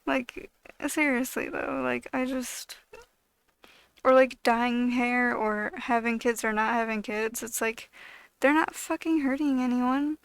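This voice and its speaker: A woman with a high voice, gravelly fry running through her words, rants bluntly and swears constantly. Her tone is smooth and clear in a dry, close space, and her speech is loose and full of fillers. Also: fairly even intonation, takes it slowly, dry recording. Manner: blunt, heavily profane, exasperated ranting; loose, filler-heavy delivery with frequent "like". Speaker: video creator. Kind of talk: ranting vlog monologue.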